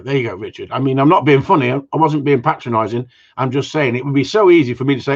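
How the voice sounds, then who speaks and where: A man's voice: mid-range voice, quick pace, few pauses. A man who trains gundogs, answering viewer questions in a blunt, rambling way with casual swearing. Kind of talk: casual Q and A chat. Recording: dull lo-fi sound.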